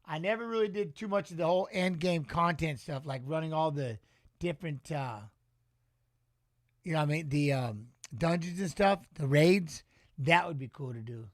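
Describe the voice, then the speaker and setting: A middle-aged man hosting a fight watch-along, chatting casually and telling animated, swear-laced stories. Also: on the high side, no room sound, studio quality. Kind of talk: casual chat reading live chat.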